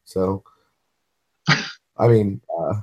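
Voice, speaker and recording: A man's voice: low-pitched, extremely slow, dark tone. A man chatting casually, saying "like" often. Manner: chatty, uses "like" a lot. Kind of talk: casual chat.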